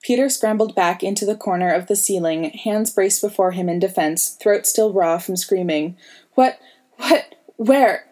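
A woman reads a story aloud in a calm, even way. Her voice sits low and sounds mellow and warm. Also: normal speed, few pauses. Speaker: audiobook reader. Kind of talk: fan fiction audiobook narration.

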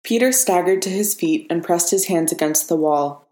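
A woman narrates a story aloud. Her voice is low and steady with expressive turns. The room gives it a clear echo. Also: normal speed. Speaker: reader. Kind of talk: audiobook narration. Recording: echoey room.

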